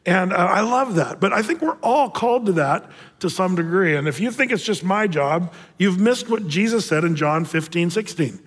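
A man with a high voice preaches to his congregation in a casual, chatty way, full of fillers and restarted phrases. He slows right down for the scripture readings. His voice rings out across a church sanctuary with a long reverb. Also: expressive, husky. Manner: conversational, with many fillers and repeated starts. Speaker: pastor. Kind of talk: sermon.

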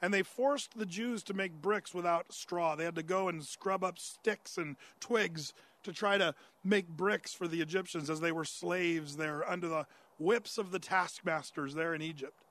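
High-voiced man preaching a Bible sermon. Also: normal speed, a bit bright. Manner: conversational, answers imagined listener questions; frequent "uh" fillers and restarts. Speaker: pastor. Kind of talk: expository Bible-teaching sermon.

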